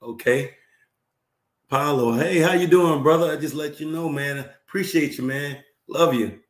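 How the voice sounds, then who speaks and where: Brief: hoarse man hosting a talk show, earnest and repetitive, slightly high voice, echoey room. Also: moderate pace. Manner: earnest, repeats himself, many fillers, clears throat and coughs. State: hoarse, recovering from a cough. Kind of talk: live-stream talk show, reading viewer comments.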